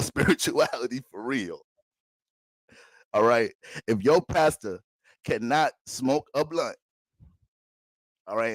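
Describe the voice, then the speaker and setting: A man's voice: mid-range voice, a little mellow, no room sound. Joking man preaching a mock sermon. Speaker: astrologer and livestream host. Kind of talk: mock sermon livestream chat.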